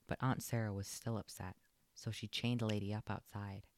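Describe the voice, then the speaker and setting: A man narrating a children's storybook aloud in an expressive, lilting read. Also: on the low side, moderate pace, a little hiss or hum.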